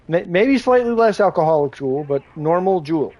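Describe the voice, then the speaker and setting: A man's voice: a little high, lively intonation, moderate pace, mellow, dull audio, soft background music. A man chatting casually to his live audience while playing, rambling and joking between moments of gameplay. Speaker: gaming livestreamer.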